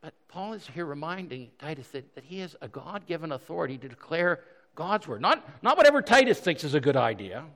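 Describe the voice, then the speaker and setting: A man delivers a sermon with a high, lively voice that swoops up and down as he preaches. He talks in a conversational, animated way, restarting phrases and adding self-deprecating asides. His voice rings out with a long hall reverb. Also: fairly quick. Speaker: pastor.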